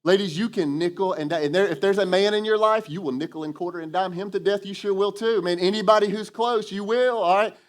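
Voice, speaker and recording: High-voiced man preaching a sermon. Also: fast talker, few pauses. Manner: lively preaching, acts out quoted voices, call and response with congregation. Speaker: pastor. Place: church sanctuary.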